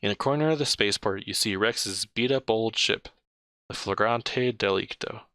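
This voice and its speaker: Male reader, casual interactive-story narration, bright tone, dry close sound. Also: on the low side, moderate pace, no echo. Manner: chatty, comments on his own slips and laughs mid-read. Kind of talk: casual read-aloud narration.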